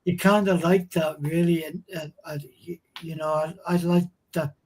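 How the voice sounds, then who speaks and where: Husky man chatting. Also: fairly high pitch, steady tone, moderate pace, darkish tone. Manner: conversational, reacts with short interjections. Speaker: show co-host. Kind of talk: casual chat.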